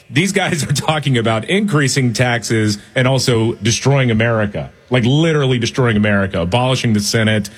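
A man's voice: mid-range voice, lively intonation, normal speed, breathy edge. A man co-hosting a talk radio show, opinionated and sarcastic, laughing often. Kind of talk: casual political talk radio chat.

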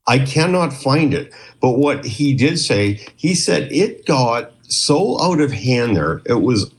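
A man from Canada, a retired police trainer, telling stories as a guest in a rambling, animated way with many restarts. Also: medium pitch. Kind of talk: casual storytelling interview.

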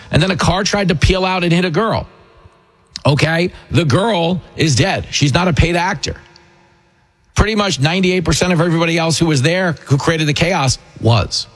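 A man hosting a political talk radio show, delivering an opinionated monologue in a combative, sarcastic way. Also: a little high. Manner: combative, sarcastic, mocking impressions.

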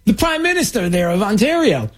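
Husky-voiced man hosting talk. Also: high voice, sing-song, a little fast. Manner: rambling, mocking, many restarts. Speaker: talk show host. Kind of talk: political commentary.

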